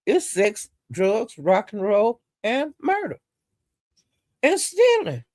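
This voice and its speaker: A woman's voice: lowish voice, a little mellow, no echo, clean studio sound. A woman vlogger giving casual gossip commentary, blunt and profane, sounding exasperated as she retells the drama.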